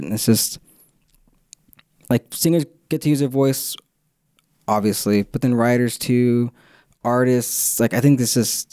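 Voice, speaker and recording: A man's voice: mid-range voice, dark tone, no room sound, clean studio sound. A young man co-hosting a podcast, talking in a loose, rambling way, laughing often and losing his train of thought. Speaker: podcast co-host. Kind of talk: casual chat.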